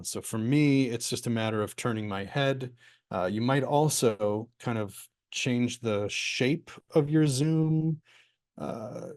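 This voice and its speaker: A man facilitating a live online workshop over a video call, loose and rambling, with plenty of ums and restarts as he answers questions. His voice sits at a middling pitch for a man. The sound is dry and close, with no room echo. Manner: relaxed, rambling, many fillers and restarts.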